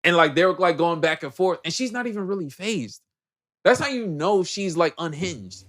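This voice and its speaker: Man, podcast co-host, casual movie recap, slang-heavy, animated storytelling, higher-pitched voice. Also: normal speed.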